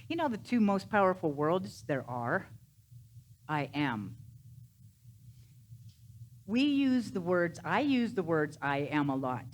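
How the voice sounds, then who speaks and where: A woman minister giving a Sunday sermon to a congregation, animated and emphatic, often swinging her voice up and down for effect. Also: lowish voice, takes it slowly, long pauses, a little hiss or hum. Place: church sanctuary.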